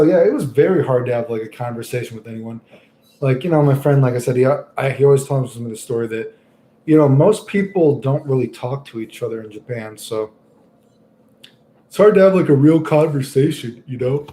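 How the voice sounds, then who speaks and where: A man's voice: mid-range voice, warm tone, slight background noise. A young man streaming live, chatting casually and rambling through stories with lots of swearing. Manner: rambling, casual, swears often, many fillers.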